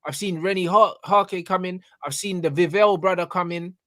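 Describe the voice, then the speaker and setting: A young man, voice pitched a touch higher than most, argues his football opinions with passion and frequent swearing. He keeps asking whether you know what he's saying. The sound is dry and close, with no room behind it. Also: fairly even intonation, moderate pace, a bit bright, no echo. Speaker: co-host, football fan. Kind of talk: casual football debate.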